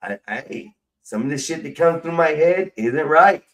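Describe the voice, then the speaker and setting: A man's voice: fairly high pitch, expressive, measured pace, rough recording. Rambling, cussing middle-aged man. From United States. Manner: profane, rambling, swings loud and soft. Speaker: live stream host. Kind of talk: rambling casual rant.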